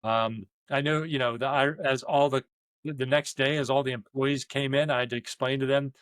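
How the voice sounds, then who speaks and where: A man's voice: mid-range voice, fairly even intonation, normal speed, fairly bright tone, no room sound. A man, a leadership coach and business owner, talking in a candid conversational way, rambling through stories with many restarts and quoted asides.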